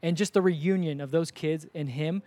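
A man's voice: fairly high pitch, normal speed, no room sound. A man co-hosting a casual sports podcast, talking animatedly and acting out what others say. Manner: animated, acts out quoted voices.

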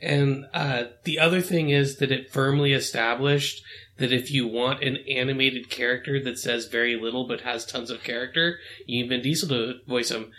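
A man with an average-pitched voice co-hosts a podcast in relaxed, casual conversation. He slips in dry, joking asides. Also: moderate pace. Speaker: podcast co-host. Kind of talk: casual chat.

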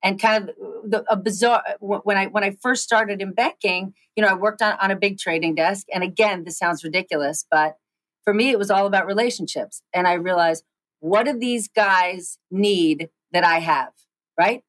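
Animated woman telling stories in an interview. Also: medium pitch, no room sound, rough recording. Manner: animated, fast storytelling with many restarts. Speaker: guest. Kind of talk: storytelling interview chat.

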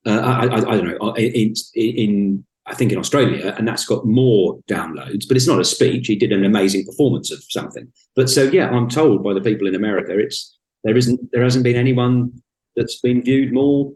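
A man's voice: fairly low pitch, a little fast, darkish tone. A man in his fifties, a guest in a casual podcast conversation, talking with wry, blunt, self-mocking humor. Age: 50s. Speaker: podcast guest, speaker and author. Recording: roomy echo.

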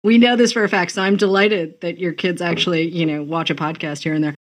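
Chatty lady host from massachusetts, kinda low voice, lots of quick asides. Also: fairly even intonation. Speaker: podcast host. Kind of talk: casual interview chat.

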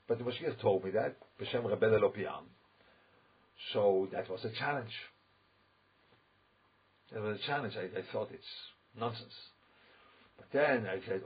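A man's voice: mid-range voice, moderate pace, breathy edge, highs cut off. A man giving an informal religious talk, rambling and emphatic with many asides. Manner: rambling, emphatic, full of asides and quoted voices.

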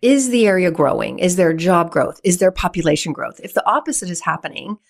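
A woman, a guest on a podcast, telling stories in an animated way, often laughing and acting out dialogue. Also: lowish voice, brisk, vocal fry. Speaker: podcast guest, real estate investor. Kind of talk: conversational storytelling.

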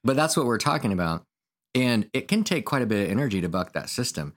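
A man co-hosting a podcast, chatting casually and telling family stories in a relaxed way. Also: mid-range voice, fast. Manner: relaxed storyteller, acts out family anecdotes. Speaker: podcast co-host. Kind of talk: casual conversational podcast talk.

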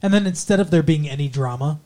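A man co-hosting a podcast, chatting casually and sarcastically about a TV episode, with plenty of swearing and deadpan asides. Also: on the high side, fast talker. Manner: sarcastic, profane, quotes characters in flat asides. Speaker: podcast co-host. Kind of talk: casual chat recapping a TV episode.

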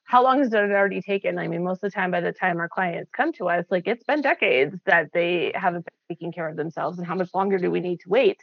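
A woman's voice: fairly low pitch, fast, vocal fry, few pauses, dry recording. Earnest woman, slightly muffled. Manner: earnest, reflective, many fillers. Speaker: wellness program founder. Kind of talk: casual conversational chat. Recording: slightly dull, lo-fi audio.

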